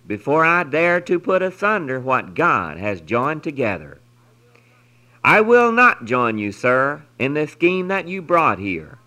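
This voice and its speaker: Slow, earnest male devotional reader. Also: fairly high pitch, low-quality recording. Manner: earnest, expressive storytelling with solemn pauses. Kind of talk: reading a devotional story aloud.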